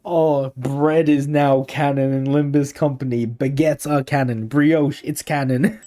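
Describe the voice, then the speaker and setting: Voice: medium pitch, fairly even intonation, unhurried, dark tone. A streamer reading a game story aloud, with giggly, chatty asides. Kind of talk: casual game playthrough reading.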